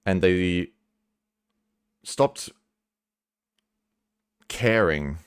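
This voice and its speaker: A man with a very low voice talks candidly to camera, casual and earnest, swearing now and then. His pitch swings widely as he explains. The sound is dry, with no room echo. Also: animated, very slow, clean tone. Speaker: vlogger. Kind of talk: candid personal talk to camera.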